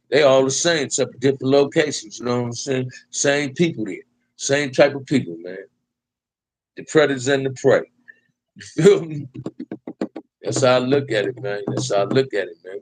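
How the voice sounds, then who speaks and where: A man from Compton riffs casually with his live-stream viewers, picking up their comments and circling back to the same phrases. His slangy delivery is loose and unhurried, and he keeps tagging lines with "man". His voice sits at a middle pitch and is recorded dry and close. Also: no room sound, rough recording. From Compton, California. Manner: laid-back, repetitive slang-heavy talk, ends phrases with "man". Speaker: livestream host.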